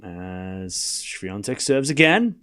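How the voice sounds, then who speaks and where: A man's voice: on the low side, big pitch swings, slow pace, bright, forceful tone, clean tone. A young Australian man hosting a casual live tennis watchalong, rambling between score calls. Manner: rambling and chatty, calling scores between asides. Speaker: host doing live tennis commentary. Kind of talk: casual live-stream commentary.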